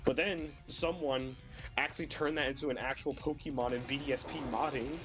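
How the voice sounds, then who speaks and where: A man's voice: medium pitch, steady tone, fairly quick, over music. A young man streaming a video game while sick, rambling casually with lots of fillers and the odd swear, his voice cracking at times. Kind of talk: casual gameplay commentary.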